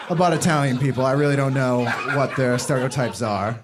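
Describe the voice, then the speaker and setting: A young stand-up comedian from the Boston area performs a routine with dry, ironic delivery and a slightly quick pace. He mocks people by imitating them in high voices.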